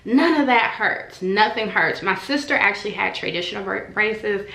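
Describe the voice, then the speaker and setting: A woman chats to camera in a personal vlog, open and emotional, slipping into the voices of the people she quotes. Her voice is bright and forward. The room around her rings with echo. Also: medium pitch, lively intonation, moderate pace, vocal fry. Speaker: vlogger. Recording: echoey room.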